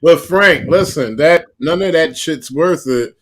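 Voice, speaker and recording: A man's voice: a little high, a little slow, a bit bright, husky. A man hosting a casual online panel chat, firmly steering who talks and when. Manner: steers the talk, cuts in firmly. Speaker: host.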